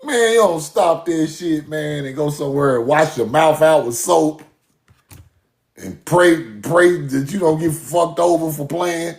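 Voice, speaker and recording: A man's voice: fairly high pitch, unhurried, creaky, echoey room. A man, talking casually and mockingly in a profane rant to his audience. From US South. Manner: animated, laughing, mocking, profane.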